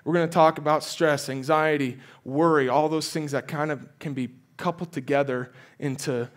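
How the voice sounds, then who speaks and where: A young man preaching as a guest speaker, telling a personal story in a loose, animated way with lots of fillers and restarts. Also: on the high side, normal speed.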